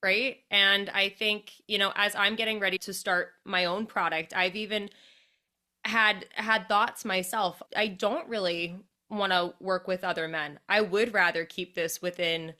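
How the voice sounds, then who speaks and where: A woman's voice: medium pitch, fairly even intonation, a little slow, pushed and bright. A woman hosting a podcast, talking in an emphatic, enthusiastic way and swearing freely. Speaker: podcast host. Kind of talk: casual podcast conversation.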